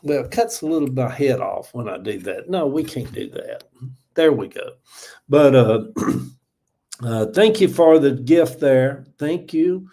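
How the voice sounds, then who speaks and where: A man's voice: mid-range voice, lively intonation, measured pace, warm tone. A man of seventy with a Georgia Southern accent, chatting on a casual livestream in a rambling, folksy way, thanking viewers and trailing off with many uhs. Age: 70s. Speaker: livestream host.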